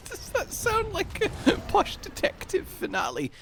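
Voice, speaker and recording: A man's voice: very high voice, a little slow, vocal fry, a little hiss or hum. A man co-hosting a gaming video, chatting casually and laughing often as he plays. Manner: animated, laughs often, rambling restarts. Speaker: gaming YouTuber co-host. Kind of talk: casual gameplay banter.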